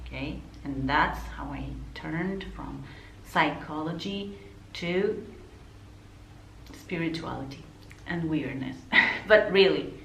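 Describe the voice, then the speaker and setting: Slow-talking Argentine woman, chatty and laughing. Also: on the low side, reverberant, a little hiss or hum, rough recording. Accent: Argentine Spanish. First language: Spanish. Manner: chatty, laughs often, apologetic asides. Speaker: counselor and vlogger. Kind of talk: casual to-camera vlog talk. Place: indoor room, not her usual spot.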